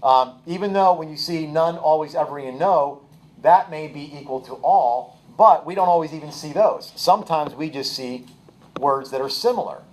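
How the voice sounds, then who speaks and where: A man's voice: a little high, moderate pace, a little mellow. A male teacher giving a classroom lecture, explaining with examples and often checking in with "okay?". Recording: echoey classroom, voice from far off.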